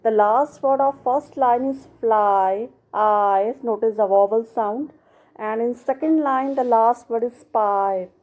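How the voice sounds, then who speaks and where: Indian english lady teaching a poem, slightly high voice, goes real slow and patient. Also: darkish tone. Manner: slow, patient, step-by-step explaining. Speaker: English tutor. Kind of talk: poem explanation lesson.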